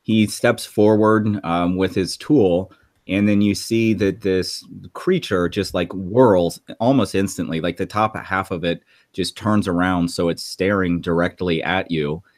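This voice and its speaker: A man narrating a tabletop game as game master, halting and filled with ums and likes. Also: low voice, fairly even intonation, darkish tone, no echo.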